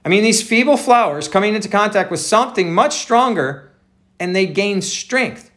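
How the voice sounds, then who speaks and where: Male pastor, slightly high voice, easygoing conversational sermon delivery. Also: expressive, moderate pace, a bit bright. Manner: conversational preaching, addresses listeners as folks.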